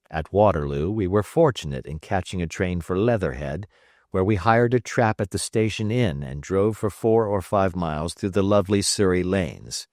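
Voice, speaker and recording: A man narrating a classic detective story in measured storytelling. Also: sits low, expressive, a little mellow, no room sound, studio quality. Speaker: audiobook narrator. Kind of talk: scripted narration.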